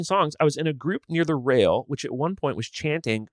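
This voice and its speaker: A man with a slightly high, expressive voice hosts a podcast solo, chatting casually and animatedly in a slangy, joking style. He speaks at a moderate pace, and the studio-quality recording has no echo.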